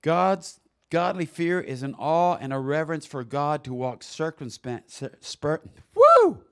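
A man preaching a sermon in a church, swinging from soft reflection to loud exclamations. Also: fairly high pitch, a little slow, smooth. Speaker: pastor. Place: church sanctuary.

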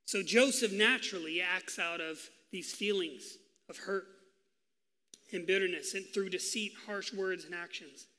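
Bright-voiced pastor preaching in a hall. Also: male voice, sits high, a little slow. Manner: animated storytelling, acting out voices in quotes. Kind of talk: sermon.

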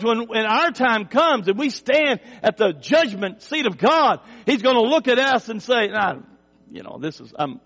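A male pastor preaching a sermon, telling stories in a conversational way, with emphatic swells and quiet drops. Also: very high-pitched, long reverb tail. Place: church sanctuary.

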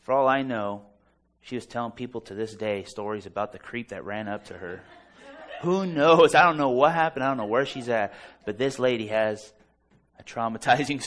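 A preacher telling an animated, self-deprecating story during a church service. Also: male voice, on the low side, creaky. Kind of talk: storytelling sermon.

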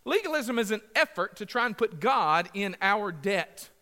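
High-voiced, emphatic preacher in a reverberant church. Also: male voice, very animated, normal speed, pushed and bright. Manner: passionate, emphatic repetition, jokes with the congregation. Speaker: pastor. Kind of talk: sermon. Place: church sanctuary.

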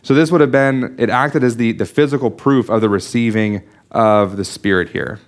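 A man's voice: mid-range voice, fairly even intonation, normal speed. A man preaching a sermon, explaining a Bible passage in an earnest teaching manner with frequent restarts and small asides. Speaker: pastor.

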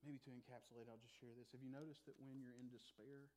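A man's voice: medium pitch, little pitch movement, fast, warm tone, a little hiss or hum. A middle-aged man preaching a sermon to a congregation, telling a story in a conversational way and laughing at himself. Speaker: pastor.

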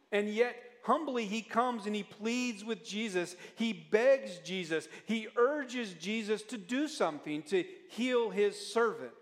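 A man preaching a sermon as a pastor, earnest and often dropping into soft, low tones when he pleads. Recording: long reverb of a church hall.

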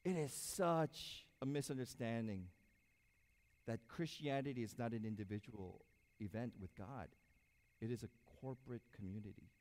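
A man preaching a sermon as pastor, animated, swinging between loud emphasis and soft asides. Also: medium pitch. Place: church sanctuary. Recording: hall reverb.

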